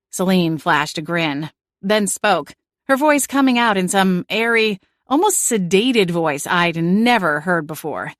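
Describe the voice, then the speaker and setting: A woman's voice: medium pitch, lively intonation, a little slow, fairly bright tone, dry recording, studio quality. Woman narrating a cozy mystery audiobook. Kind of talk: first-person scripted narration.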